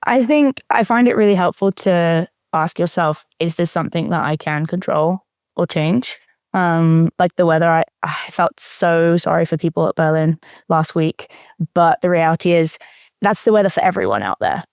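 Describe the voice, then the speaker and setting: A woman's voice: on the low side, normal speed, darkish tone, dry recording, studio quality. A young adult woman talking casually as an interview guest, thoughtful, with frequent fillers and restarts. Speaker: interview guest, marathon runner.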